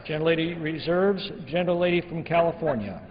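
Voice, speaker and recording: Brisk man presiding in a chamber. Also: on the high side. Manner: brisk, formal. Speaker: presiding officer. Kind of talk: formal procedural announcements. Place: large legislative chamber. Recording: dull broadcast audio in a long-reverb chamber.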